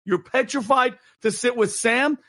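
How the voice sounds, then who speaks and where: A man speaking as a guest on a talk show, arguing in a fast, heated and emphatic way, with many restarts. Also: very high-pitched, pushed and bright.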